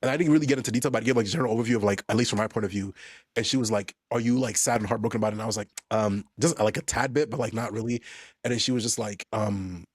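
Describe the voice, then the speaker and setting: Male podcast co-host, quick animated storyteller, dry sound. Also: on the low side, slightly rough, dry recording. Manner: animated storytelling, slangy, laughing often. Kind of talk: casual chat among friends.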